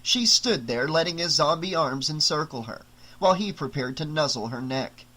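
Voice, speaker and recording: A man narrating an unabridged audiobook in a measured, dramatic storytelling way. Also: on the high side, lively intonation, pushed and bright, low-quality recording.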